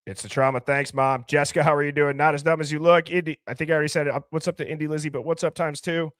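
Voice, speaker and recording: A man's voice: on the high side, steady tone, no echo, clean studio sound. A man hosting a live call-in stream, greeting viewers by name in a playful, chatty way. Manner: rapid shout-outs, playful and chatty. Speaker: live call-in show host. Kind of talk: casual live-stream chat.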